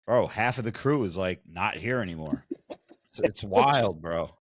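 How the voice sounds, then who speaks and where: Deep-voiced man in casual chat. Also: a little slow, no echo, studio quality. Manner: excited, fan-like storytelling. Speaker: guest.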